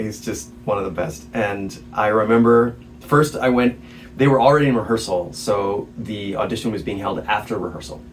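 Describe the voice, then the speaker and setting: A man, a stage actor, telling a story as an interview guest in a candid, animated way, laughing between remarks. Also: lowish voice. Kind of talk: casual storytelling. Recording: distant mic, faint background noise.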